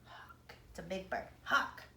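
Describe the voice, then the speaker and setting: A young woman teaching small children in a slow, playful sing-song voice, with frequent gasps and laughs. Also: bright, forceful tone, a little hiss or hum. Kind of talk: toddler lesson, sing-song prompts. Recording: roomy echo.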